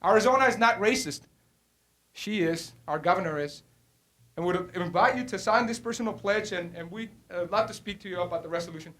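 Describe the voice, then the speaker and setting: A speaker giving a forceful political public comment. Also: mid-range voice, brisk. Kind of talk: public comment at a board meeting.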